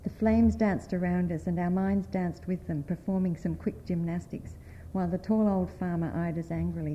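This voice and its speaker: A woman writer from the United States, reading a story aloud at a panel in a measured, expressive way. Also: on the low side, muffled recording, slight background noise.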